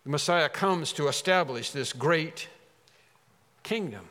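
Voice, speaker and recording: Animated preacher in a reverberant hall. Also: male voice, fairly high pitch, takes it slowly. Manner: animated, acts out quoted lines with rising emphasis. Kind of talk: sermon.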